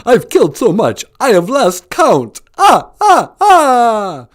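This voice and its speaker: A gloating puppet-show vampire, as a man puts him on, drawing out his words and laughs slowly. The voice sits well above a normal male pitch and comes out loud. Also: wildly swooping pitch, heavily acted. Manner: slow, gloating drawn-out laughs. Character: old vampire who counts victims, theatrical.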